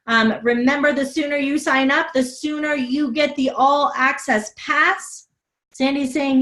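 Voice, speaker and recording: A woman's voice: high-pitched, a little slow, fairly bright tone. A woman hosting a live online masterclass as a health coach, upbeat and effusive, reading out viewer comments and answering questions over a video call. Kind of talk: live webinar sales talk and Q&A.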